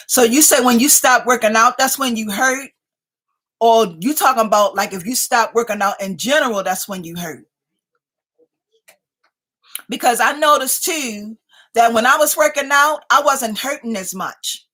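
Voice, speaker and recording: A woman's voice: a little high, moderate pace, sharp tone. A woman in her fifties hosting a live stream, chatting casually and laughing often as she reads viewer comments aloud. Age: 50s.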